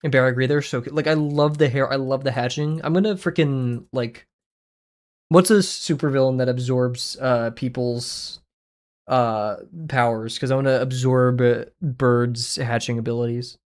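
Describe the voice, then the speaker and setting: Excitable young man chatting on a livestream. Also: normal speed. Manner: rambling and excitable, jumps in pitch, laughs often. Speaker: art livestreamer. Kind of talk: casual chat with viewers while drawing.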